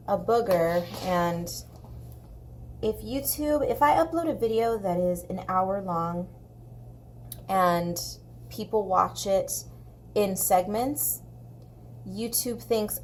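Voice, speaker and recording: A woman chats slowly and casually while she colors, recorded at home on a desk mic. Her pitch sits in a middle range, and her manner is playful and unhurried. Faint household noise lies under her voice. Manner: chatty and playful, baby-talks to her pet. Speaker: coloring video creator. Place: home room.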